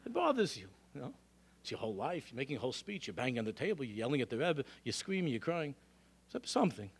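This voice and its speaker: A middle-aged male rabbi lecturing a congregation in a synagogue, telling animated stories and throwing out rhetorical questions. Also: medium pitch, quick pace, husky. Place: synagogue hall.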